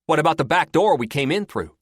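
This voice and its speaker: A teasing, sarcastic male soldier, put on by an audiobook narrator. He talks lively and mocking. The recording is dry and close. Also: a little high, a little fast, no room sound, pitched above the performer's own voice. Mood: joking. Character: wisecracking trapped male soldier.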